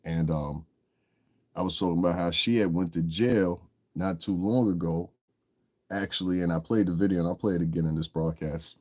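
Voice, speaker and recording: A man's voice: sits low, steady tone, normal speed, darkish tone. Casual livestream host: man, laid-back, chuckles, talks to chat.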